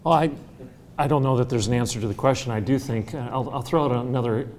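A man's voice: mid-range voice, fast talker, a little hiss or hum. Forthright, preacherly man on a panel. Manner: forthright, preacherly, builds to loud emphatic rhetoric. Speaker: university president on a panel. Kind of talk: panel discussion answer. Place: conference hall.

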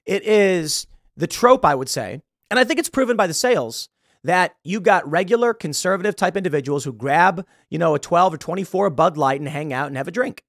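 Animated sarcastic man ranting, dry sound. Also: fairly high pitch, a little fast, no room sound. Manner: sarcastic, animated, mocks with put-on quotes. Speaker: host. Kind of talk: opinionated commentary monologue. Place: studio.

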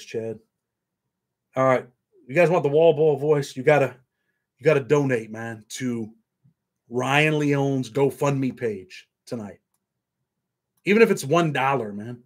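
A man's voice: medium pitch, moderate pace, long pauses. A man hosting a casual livestream, rambling and swearing while reading viewer comments aloud. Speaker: show host.

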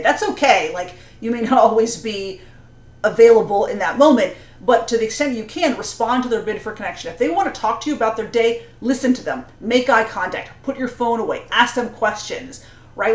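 A woman's voice: on the high side, fairly quick. Earnest woman giving parenting advice, roomy echo. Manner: earnest, explanatory, with frequent "you know" and "right?". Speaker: parenting coach and astrologer. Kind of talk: advice talk to camera.

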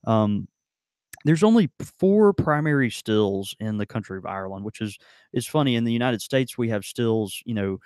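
Man co-host, casual rambling delivery, lively intonation, dry close sound. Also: lowish voice, moderate pace, smooth, dry recording. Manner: rambling, many fillers and restarts. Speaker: podcast co-host. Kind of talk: casual tasting chat. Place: in Mississippi.

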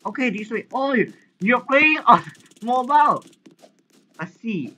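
A male gaming host talking through a live playthrough with a lively, swinging pitch and a bright, forceful tone. He is excitable and breaks into shouts often, yet his pace stays unhurried between outbursts. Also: low-quality recording. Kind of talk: live game commentary.

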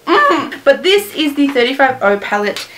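A teenage girl gushing excitedly through a casual beauty haul vlog, saying "literally" constantly. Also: high voice, moderate pace, background noise. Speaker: beauty vlogger.

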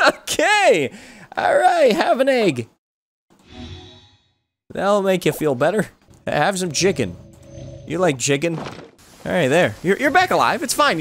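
A man's voice: on the high side, fairly bright tone, a little hiss or hum. A man hosting a gaming channel, giving playful, jokey let's-play commentary.

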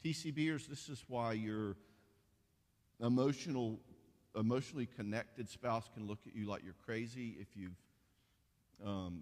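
A man's voice: on the low side, darkish tone. A man who works as a marriage counselor gives a casual, joking conference talk to couples, full of fillers and restarts. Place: church hall. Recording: echoey hall reverb.

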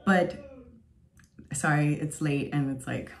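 Earnest woman with a lowish voice. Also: takes it slowly. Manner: earnest, emotional, rambling with many fillers. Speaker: faith vlogger. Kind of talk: casual spoken testimony.

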